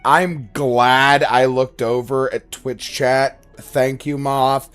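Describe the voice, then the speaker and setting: Deadpan joking male streamer. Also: mid-range voice, slow pace, clear, resonant tone, faint music behind. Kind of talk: casual banter while gaming.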